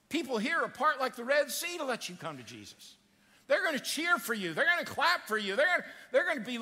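Male pastor: dramatic, animated sermon delivery, bright voice, echoing church hall. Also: fairly quick. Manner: animated, acts out quotes with big pitch swings. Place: church sanctuary.

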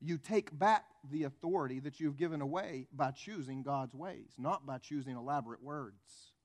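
A man's voice: on the high side, moderate pace. A male pastor preaching a conversational sermon full of rhetorical questions and acted-out stories.

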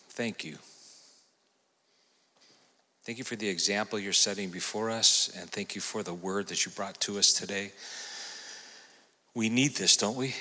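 Bright-voiced pastor closing the service. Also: male voice, fairly low pitch. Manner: warm, conversational with fillers. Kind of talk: closing remarks and invitation. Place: church sanctuary. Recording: long church hall reverb.

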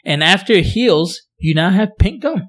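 A man's voice: high voice, animated, normal speed. A man who hosts a casual podcast as a dentist, explaining things at length with many fillers and restarts. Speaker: dentist, periodontist podcast host.

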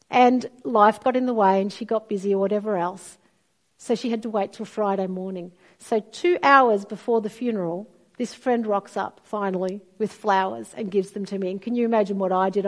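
A woman's voice: fairly high pitch, normal speed. A middle-aged woman, preaching a sermon and telling stories expressively. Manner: storytelling, expressive, acts out quoted voices.

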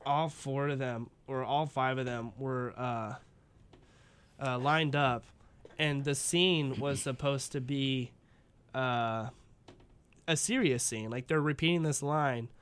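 Guy hosting a chatty podcast, smooth clear voice, rambles a lot with tons of likes and ums. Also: medium pitch, steady tone, slow pace, a bit bright. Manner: rambling, many fillers, laughs often. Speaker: podcast host. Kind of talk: casual chat.

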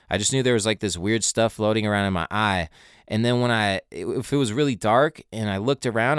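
A man's voice: fairly low pitch, clear, resonant tone, dry recording, studio quality. A man in his twenties telling a personal story in a rambling, profane way, full of fillers. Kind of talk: casual storytelling monologue.

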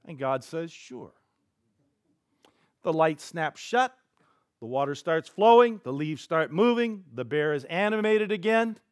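A man preaching as a pastor, telling a story in an animated way with big swings in loudness. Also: a little high, moderate pace, dry recording, studio quality. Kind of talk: sermon storytelling. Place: church.

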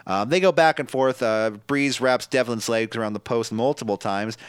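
Profane, laughing podcast host. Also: male voice, mid-range voice, normal speed, few pauses, clean tone, no echo, studio quality. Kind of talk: casual wrestling recap.

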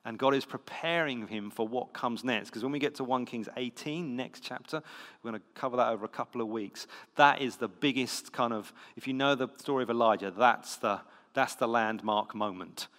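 A man's voice: medium pitch, moderate pace, a bit bright. Man preaching in a reverberant hall. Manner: conversational, emphatic, with fillers and restarts. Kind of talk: sermon with scripture reading.

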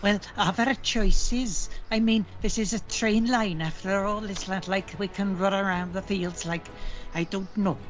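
A woman's voice: medium pitch, steady tone, a little slow, soft background music. Prim woman player on a muffled mic.

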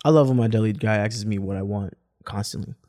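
A man's voice: on the low side, fast, mellow. A young man co-hosts a casual podcast. He talks animatedly, swears freely and laughs. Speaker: podcast co-host. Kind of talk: casual chat.

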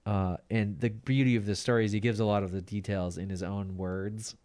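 A man hosting a podcast in casual comedic chat, laughing mid-sentence and letting his sentences trail off quietly. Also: lowish voice, level tone, brisk. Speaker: podcast host.

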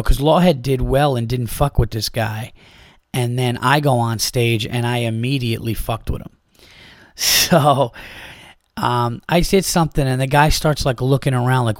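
Profane storytelling comedian, dry close sound. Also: male voice, mid-range voice, dry recording. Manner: profane, animated retelling with quoted exchanges. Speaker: stand-up comedian, podcast host. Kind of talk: casual storytelling.

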